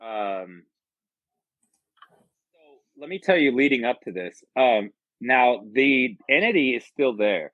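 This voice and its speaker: A man's voice: medium pitch, expressive, takes it slowly, pauses often, no room sound. A man from the United States, a podcast guest and army veteran, telling a personal story in a rambling, profane, earnest way. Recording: dull lo-fi podcast audio.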